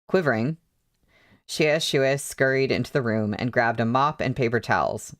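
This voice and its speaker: A man's voice: mid-range voice, moderate pace, a bit bright. Man casually reading a novel aloud. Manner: chatty, hesitant asides with fillers. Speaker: book reader. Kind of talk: casual read-along with asides.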